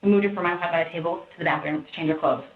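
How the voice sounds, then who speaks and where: A woman recounting events in a rambling, halting way, often quoting others in a raised voice, heard on distant interview-room audio. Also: lowish voice, fairly even intonation, reverberant, phone-quality sound. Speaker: interviewee in police interrogation footage.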